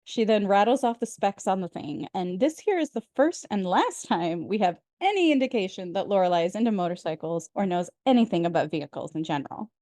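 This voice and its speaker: A woman's voice: medium pitch, expressive, brisk, few pauses, mellow, no echo, studio quality. A woman co-hosting a podcast, narrating episode recaps in a wry, chatty way. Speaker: podcast co-host. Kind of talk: casual recap chat.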